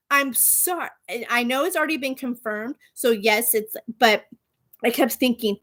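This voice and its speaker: Woman, thirties, podcast host, casual pop culture chat, animated, slangy, laughs a lot, slightly high voice. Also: moderate pace. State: gets out of breath walking, pregnant.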